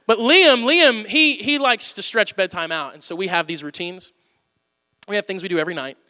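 A man in his thirties preaching a sermon, telling family stories with animated swings from loud to hushed. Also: high voice, big-room sound. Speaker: pastor.

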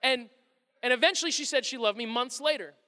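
A man in his thirties delivers a sermon as pastor, his voice very high and bright. He is animated and slips into character voices for quotes. The sound rings with the long reverb of a large hall. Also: fairly quick.

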